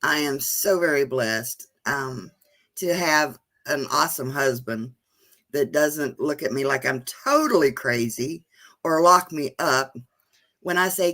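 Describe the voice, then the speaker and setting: A woman with a low, expressive, fairly bright voice hosts her channel's casual livestream at a measured pace. She reads names from the live chat, talks to viewers and laughs often.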